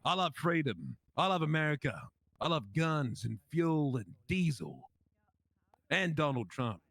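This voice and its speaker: A man's voice: on the high side, animated, a little slow, creaky, a bit bright. A man with an Australian accent playing a police officer in a role-play game, telling his story in an indignant, emphatic way.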